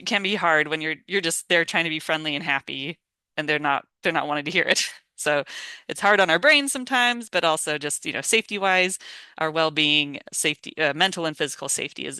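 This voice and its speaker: A chatty volunteer trainer talks casually through an online session over a video call microphone. The voice is bright and forceful, and the sound is dry and close. The trainer laughs easily and slips into little acted sample lines. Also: mid-range voice, clean tone, no room sound. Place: home or office on a video call.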